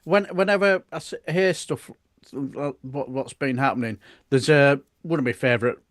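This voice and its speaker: A man's voice: mid-range voice, moderate pace, dry recording, clean studio sound. A man co-hosting a casual talk show, often stumbling and restarting his sentences. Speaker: co-host. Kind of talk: casual chat.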